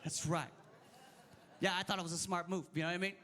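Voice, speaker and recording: A male comedian with a very high voice, ranting in disbelief during a stand-up set. His tone is bright and forceful. He talks into a handheld mic on stage. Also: quick pace, slight background noise. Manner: animated, incredulous ranting.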